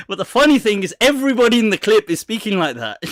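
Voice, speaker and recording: A man hosting a casual live Q&A, animated and mocking, laughing often. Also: high-pitched, no echo, clean studio sound. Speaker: host.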